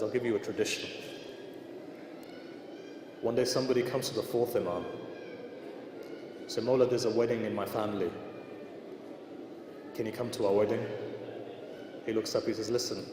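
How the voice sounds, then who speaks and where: A male preacher telling traditions in an emotional sermon, speaking straight to his listeners and voicing the people in the stories. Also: on the low side. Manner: addresses listeners directly, retells traditions with quoted dialogue. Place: large indoor shrine hall. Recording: roomy hall echo, background noise.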